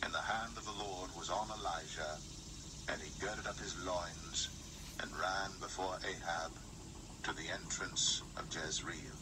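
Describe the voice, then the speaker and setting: A man reading King James scripture aloud at a Bible study, steady and rising in force at dramatic lines. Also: low voice, a little slow, noisy background. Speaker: Bible reader.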